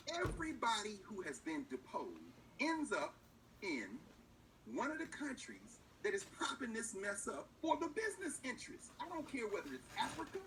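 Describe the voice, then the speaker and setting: A man giving animated political commentary, acting out officials in mocking voices with emphasis. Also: very high-pitched, normal speed, a little hiss or hum. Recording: distant mic with faint room ambience.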